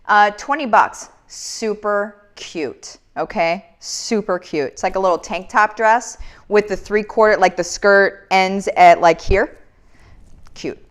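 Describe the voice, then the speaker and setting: A woman's voice: medium pitch, slow pace. A woman in her thirties hosting a casual live Q&A, reading out viewer comments in an upbeat, motivational way. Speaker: live Q&A host.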